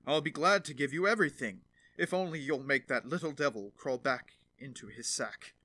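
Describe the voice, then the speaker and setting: A man's voice: on the high side, moderate pace, pushed and bright, no room sound. A man voicing a greedy scheming innkeeper in a fairy tale reading. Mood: pleading. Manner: scheming, pleading.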